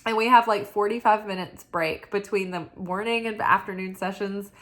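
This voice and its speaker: Tired woman oracle host, medium pitch, talks casually and laughs at herself. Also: steady tone, normal speed, a bit bright. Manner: chatty and self-mocking, lots of "like". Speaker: spiritual oracle reader. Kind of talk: casual chat.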